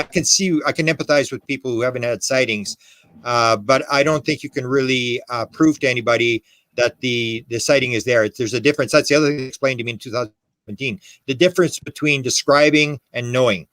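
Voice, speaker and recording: A man's voice: mid-range voice, a little fast, a bit bright, no room sound. A man talking as a podcast guest, telling stories in an emphatic, rambling way with quoted dialogue and restarts. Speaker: podcast guest, UFO historian. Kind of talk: animated conversational storytelling.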